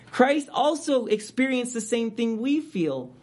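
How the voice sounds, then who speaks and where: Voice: mid-range voice, big pitch swings, unhurried, a little mellow. Emphatic preacher teaching a sermon. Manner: emphatic, conversational teaching with rising stresses on key words. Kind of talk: expository sermon.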